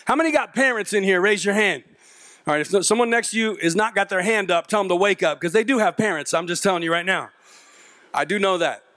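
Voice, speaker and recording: A middle-aged man gives a comedic motivational speech to teenagers in a large auditorium, telling animated stories, joking and acting out voices. He's a motivational youth speaker who talks fast in a high-pitched voice. The recording is dry and studio quality.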